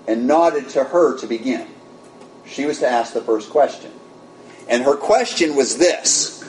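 American male preacher, storytelling sermon, lowish voice, echoey room. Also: darkish tone. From United States. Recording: echoey room with faint rumble.

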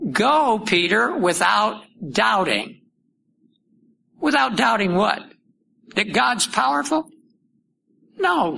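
Slow-spoken male preacher, deliberate scripture teacher with gravelly, husky tone. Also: on the high side, pushed and bright, a little hiss or hum, low-quality recording. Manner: slow, deliberate Bible teaching with rhetorical questions. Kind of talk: sermon.

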